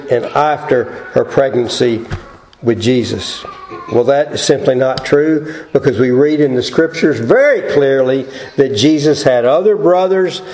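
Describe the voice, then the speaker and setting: A man preaching a Sunday morning sermon and reading scripture aloud in a slow, deliberate way. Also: medium pitch, a little mellow, reverberant, low-quality recording. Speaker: pastor.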